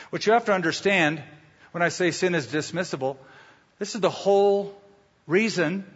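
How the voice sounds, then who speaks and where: A man's voice: high-pitched, a bit bright, slightly rough. Emphatic preacher man, hall echo. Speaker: pastor. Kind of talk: sermon. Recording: lo-fi with long hall reverb.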